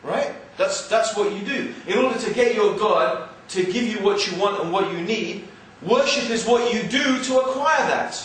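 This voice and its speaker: English guy with a bit of east london twang, preachy and jokey, highish voice, big echoey hall, mic far away. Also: moderate pace, hardly any pauses, slight background noise. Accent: English, mixed with East London. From England. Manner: animated, joking, conversational. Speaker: Islamic speaker. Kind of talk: religious lecture to an audience.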